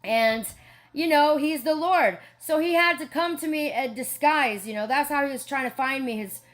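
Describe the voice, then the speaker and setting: A woman's voice: high voice, normal speed. Rambling, giggly woman on a livestream. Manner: rambling, giggly, full of "you know". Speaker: online preacher and streamer. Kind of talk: casual livestream storytelling.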